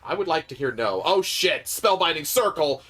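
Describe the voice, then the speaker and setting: A man's voice: fairly high pitch, big pitch swings, fairly quick, a bit bright, soft background music. A man from the Midwest explaining game mechanics and coaching his co-host in casual chat. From American Midwest.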